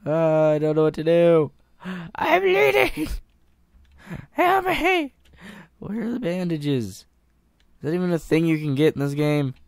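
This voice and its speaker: A man's voice: on the high side, normal speed, mellow, clear, resonant tone, dry recording, clean studio sound. A man giving gameplay commentary, panicking, pleading and swearing, laughing at himself. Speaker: gamer.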